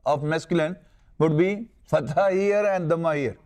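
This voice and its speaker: An older man from Pakistan whose first language is Urdu, teaching Arabic grammar in a classroom lecture and slowly drilling verb forms. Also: fairly high pitch, darkish tone, a little hiss or hum.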